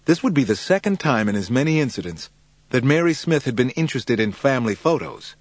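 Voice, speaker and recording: A male narrator reads a first-person crime story, measured and tense, letting his pitch rise and fall with real life. The studio sound is close and dry, with no room in it. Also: no echo. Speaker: audiobook narrator.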